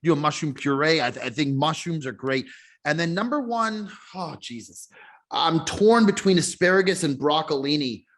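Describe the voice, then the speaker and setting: Male podcast co-host, bouncy and animated, slightly high voice. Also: moderate pace. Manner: animated, laughs often, self-interrupting. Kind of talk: casual chat.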